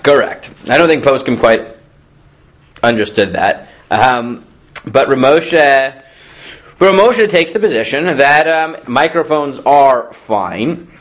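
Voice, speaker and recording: A man's voice: mid-range voice, expressive, slow, fairly bright tone. A man, a rabbi, giving a lecture on Jewish law in a classroom. He reads sources aloud, explains them in English and puts questions to his students.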